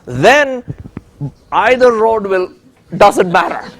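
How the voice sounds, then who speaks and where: A man's voice: high-pitched, lively intonation, slow, fairly bright tone, slight background noise, pitched above the performer's own voice, heavily acted. A man voicing a grinning cat while retelling a fairy tale in a lecture. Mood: teasing.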